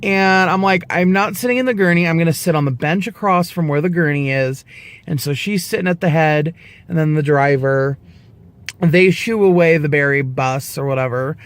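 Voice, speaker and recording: A man in his twenties telling a personal story to camera in a casual vlog, animated and profane, acting out the people he quotes. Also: a little high, moderate pace, smooth. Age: 20s. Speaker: vlogger.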